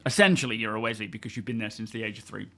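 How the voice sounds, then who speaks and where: A man's voice: fairly low pitch, racing, a bit bright. A man from England hosting a casual live stream, chatting loosely and answering viewers by name. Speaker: livestream host.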